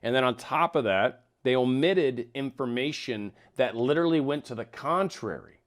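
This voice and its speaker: A man's voice: medium pitch, normal speed. A man talking through political news in casual solo commentary, with wry asides, reading documents aloud as he goes.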